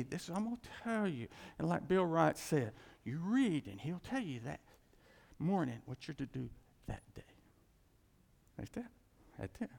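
Lively preacher in a reverberant hall. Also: male voice, on the high side, gravelly. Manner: lively, animated preaching with asides and quoted dialogue. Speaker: pastor. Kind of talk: sermon. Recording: church hall with long reverb.

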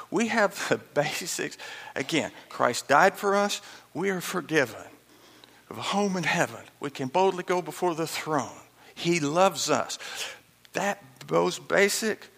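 A man's voice: on the high side, creaky, a bit bright, big-room sound. A man preaching an expository sermon, emphatic and pleading, with chuckles and asides to the congregation. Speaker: pastor.

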